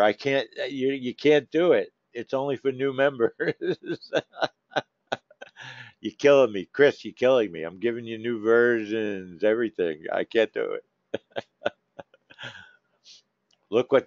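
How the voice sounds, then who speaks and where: A man's voice: medium pitch, normal speed, no room sound. A man hosting a live trading room, talking casually to members by name, coaxing and teasing them. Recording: dull, dry lo-fi stream audio.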